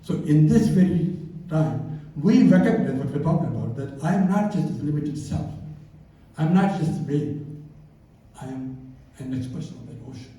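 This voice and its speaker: A man's voice: a little high, lively intonation, normal speed, dark tone, a little hiss or hum. An older man giving a reflective, storytelling talk to a live audience in a hall. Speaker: speaker. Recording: very echoey hall, voice from far off.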